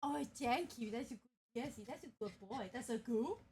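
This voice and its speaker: A young woman streamer chatting casually, playful and animated, cursing now and then. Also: fairly high pitch, moderate pace, slight background noise. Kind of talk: casual chat.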